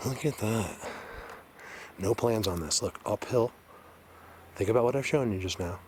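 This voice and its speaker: A man vlogging while hiking through a forest, excitedly pointing things out to his viewers in casual walk-and-talk. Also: fairly low pitch, measured pace, slight background noise. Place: forest outdoors, hiking uphill.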